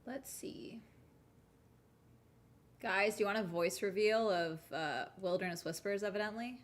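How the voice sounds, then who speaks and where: A woman streamer chatting casually to viewers while reacting to a video, full of quick asides. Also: medium pitch. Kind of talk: casual chat.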